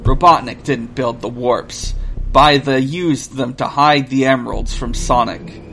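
A man voicing a polite male android crewman in a measured, formal way. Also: mid-range voice, fairly even intonation, bright, forceful tone, slight background noise. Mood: calm.

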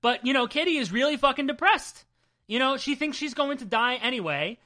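A woman's voice: sits high, fairly quick. A woman co-hosting a podcast, recapping a comic in casual chat, swearing often and laughing as she goes. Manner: swears a lot, animated and laughing. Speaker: podcast co-host.

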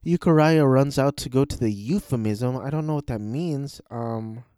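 Slow, rambling male reviewer. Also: mid-range voice, mellow, no echo, studio quality. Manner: rambling, hesitant, with restarts. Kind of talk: casual spoken review.

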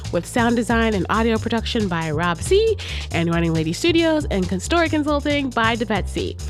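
A woman reading the credits and sign-off of a podcast in an upbeat, chatty way, speaking straight to listeners. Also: a little high. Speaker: podcast creator reading the outro. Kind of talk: casual spoken credits and sign-off.

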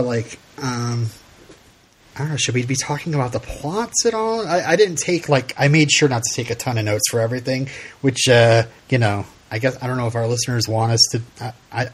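A man's voice: mid-range voice, fairly quick. A middle-aged man co-hosting a casual podcast, laughing often and retelling scenes with quoted voices. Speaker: podcast co-host. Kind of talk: casual chat.

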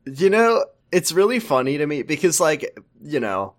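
A man's voice: fairly high pitch, very animated, moderate pace. Young man mocking a TV show. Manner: mocking, laughs between jokes. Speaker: podcast co-host. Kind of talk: casual chat recapping a TV episode.

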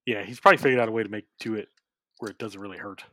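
A man co-hosting a casual podcast, relaxed, chiming in with agreement and laughs. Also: fairly low pitch, racing, no echo, studio quality. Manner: laid-back, lots of agreeing murmurs and laughs. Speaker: podcast co-host. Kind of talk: casual wrestling chat.

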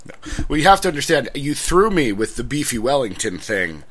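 A man's voice: mid-range voice, big pitch swings, brisk, fairly bright tone. A man co-hosting a wrestling podcast, chatting casually in a joking, self-deprecating way. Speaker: podcast co-host. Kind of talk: casual chat.

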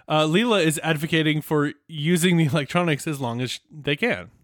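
Guy on a podcast, kinda high voice, goofy and giggly, dry close mic. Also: a little fast, fairly bright tone, no echo. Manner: playful, giggly, jokey. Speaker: podcast co-host. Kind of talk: casual chat recapping a cartoon episode.

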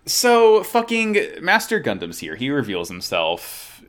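A man co-hosting a casual podcast recap, animated and profane, often slipping into goofy quoted voices. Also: mid-range voice, measured pace. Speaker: podcast co-host.

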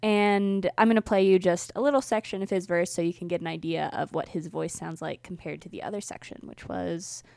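A woman's voice: fairly low pitch, steady tone, fairly quick, gravelly, few pauses, a little mellow, dry recording. Young woman, music podcast co-host, casual chatty review, filler-heavy, dry close sound. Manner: chatty, gushing, frequent ums and laughs.

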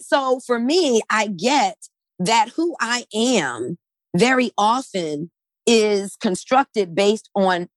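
A woman's voice: mid-range voice, no echo. Woman guest in a conversation, emphatic, keeps tagging points with "right?", mid-range voice, close dry sound. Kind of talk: conversational discussion.

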